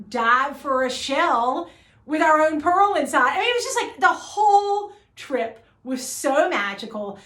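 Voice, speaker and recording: Woman, higher voice, chatty storytelling, echoey room. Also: fairly bright tone. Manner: chatty, uses y'all, many fillers and restarts. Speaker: jewelry business owner. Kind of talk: casual storytelling to camera.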